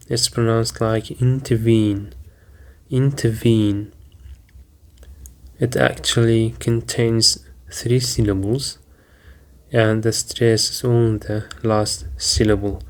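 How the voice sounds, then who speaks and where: Slow, flat-voiced male teacher. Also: on the low side. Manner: slow, deliberate, with frequent "um" fillers. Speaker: English teacher. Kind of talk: vocabulary lesson.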